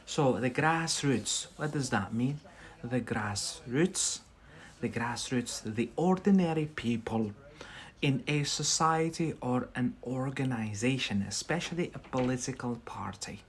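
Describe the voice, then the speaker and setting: Male English teacher, live-stream lesson, relaxed and conversational, checks in with viewers. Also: mid-range voice, unhurried. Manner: chatty, often checks in with a questioning "yeah?". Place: in Scotland.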